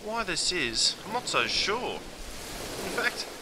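A man's voice: high voice, sing-song, slow. An Australian man from Australia giving a scripted, humorous slang lesson in a laid-back, cheeky way, in a noisy recording. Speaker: English teacher.

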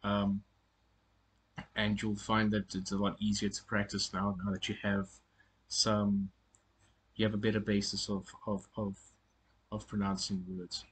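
A man giving a casual spoken lesson on pronunciation, often halting and repeating words as he corrects himself. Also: on the low side, monotone, a bit bright, slightly rough. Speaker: language teacher.

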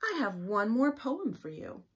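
A woman voicing a wise, once naughty male leprechaun in a storybook reading, loud and emphatic. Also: fairly high pitch, very animated, unhurried, pitched above the performer's own voice. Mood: cheerful.

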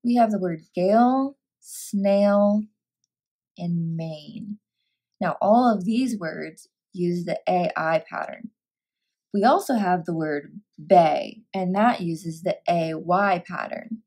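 A woman teacher reading a picture book aloud and walking through a phonics lesson, sounding out words clearly. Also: lowish voice, takes it slowly, dark tone.

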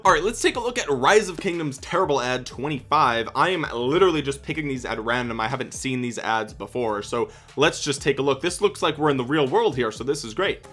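A man hosting a comedic commentary on game ads, sarcastic and profane, with mock excitement. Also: a little high, fairly quick. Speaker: YouTube host reacting to game ads.

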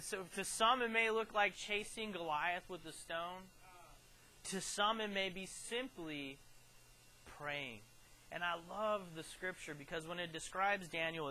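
A man preaching a sermon, retelling a scripture story with lively storytelling and acted-out quotes that swing from quiet to loud. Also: sits high, slight background noise, rough recording. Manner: animated storytelling, acting out quotes with big swings in loudness.

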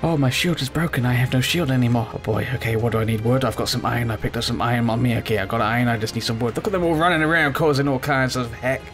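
Gaming host, man, mid-pitched, rambling and excitable as he plays, with soft music underneath. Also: quick pace, hardly any pauses. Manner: rambling, excitable, yells at the game. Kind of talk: let's play commentary.

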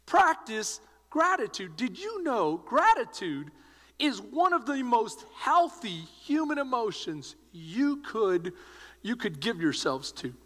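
A male pastor preaching with an emphatic, exhorting drive, his high voice swooping up and down. The sound rings out in a church hall with a long reverb. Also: sing-song, takes it slowly. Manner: exhorting, emphatic, rising to shouts. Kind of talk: sermon.

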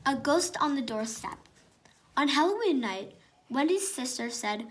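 A woman's voice: high voice, lively intonation, unhurried. A woman co-hosting a storytime video, reading a picture book aloud and pointing out the pictures in a friendly way. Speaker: storytime co-host.

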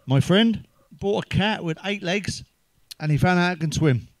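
English man, stand-up comic, crude jokes, lots of swearing, slightly high voice, dry sound. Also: moderate pace, dry recording. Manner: swears heavily, laughs at his own jokes; sips a drink between jokes. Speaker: stand-up comedian. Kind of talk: crude one-liner stand-up.

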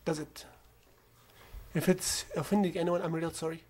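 Calm and coaching, this non-native-accented gamer comments on his stealth gameplay at normal speed, frequently sinking into a whisper. His voice is mid-range.

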